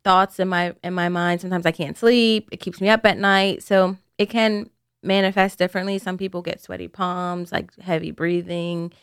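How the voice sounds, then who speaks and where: Calm woman guest explaining. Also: lowish voice, clean tone, no echo, studio quality. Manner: calm, measured, explains from her own experience. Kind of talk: casual podcast chat. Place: studio.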